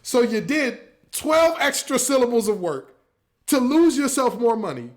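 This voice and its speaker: A man's voice: extremely high pitch, a little slow. A man hosting a casual sports talk show, ranting with mock quotes. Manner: animated, preachy rants with mock quotes. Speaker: podcast host.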